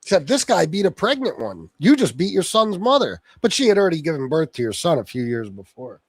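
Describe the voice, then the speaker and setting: High, lively-voiced man ranting on a livestream. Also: brisk, slightly rough, dry recording. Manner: profane, taunting, insults someone by name. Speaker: livestream host. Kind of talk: livestream rant.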